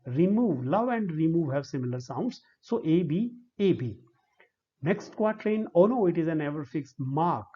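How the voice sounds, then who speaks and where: A man with an Indian English accent giving a slow, deliberate lecture, spelling out syllables one by one. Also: fairly high pitch, lively intonation, warm tone. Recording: dull lo-fi recording.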